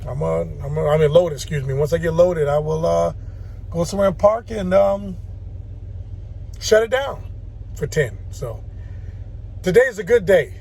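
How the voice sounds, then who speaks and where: A man's voice: fairly high pitch, a little slow, gravelly, pauses often, a little mellow, slightly rough. A man driving a semi truck, talking casually in an easygoing, chatty way and laughing at himself. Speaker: truck driver. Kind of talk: casual vlog talk to camera.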